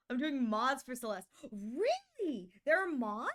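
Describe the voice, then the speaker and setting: A woman's voice: sits high, very animated, unhurried, few pauses. A sick woman streamer chatting casually and playfully, reading her chat aloud.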